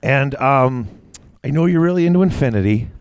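Brief: male podcast host, casual rambling chat, mid pitch, dry close mic. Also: lively intonation, normal speed, dry recording. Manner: rambling, with frequent restarts and trailing off.

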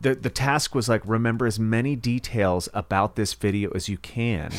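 A man's voice: on the low side, steady tone, moderate pace, no echo. A man hosting a podcast interview, talking in a loose, chatty way, laughing often and swearing casually. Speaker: podcast host.

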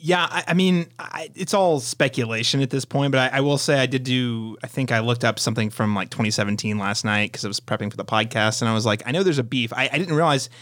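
A man's voice: mid-range voice, quick pace, hardly any pauses, a bit bright, no room sound, clean studio sound. A man co-hosting a film podcast, chatting casually and hesitantly with repeated starts. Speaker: podcast co-host. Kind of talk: casual chat.

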